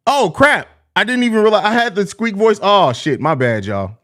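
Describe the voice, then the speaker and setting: A man's voice: high voice, big pitch swings, moderate pace, fairly bright tone. A young man hosting a live sports podcast, reading viewer comments and joking in loose, profane slang. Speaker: podcast host.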